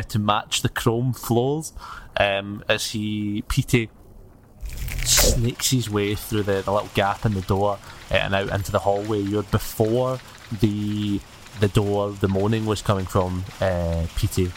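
A man narrating as game master in a relaxed, casual way. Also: on the low side, a little hiss or hum. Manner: casual, loose, filler-heavy.

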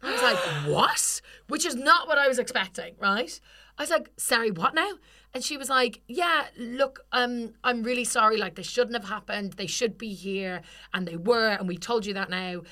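A woman's voice: fairly high pitch, moderate pace. A young woman co-hosting a podcast, telling a funny story in casual chat, swearing freely and acting out the people in it. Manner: animated, swears freely, acts out quoted people. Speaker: podcast co-host.

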